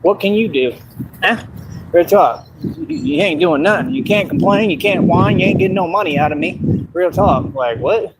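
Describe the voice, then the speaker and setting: A man ranting on his livestream, mocking and boastful, and laughing at his own jokes. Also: fairly high pitch. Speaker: streamer. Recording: noisy background hiss.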